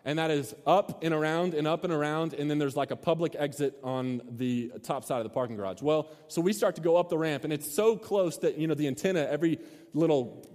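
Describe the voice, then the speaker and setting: In a large hall with long reverb, a pastor tells a funny story within his sermon, acting out the voices and the shouts with animated energy. His pitch is fairly high and his pace brisk.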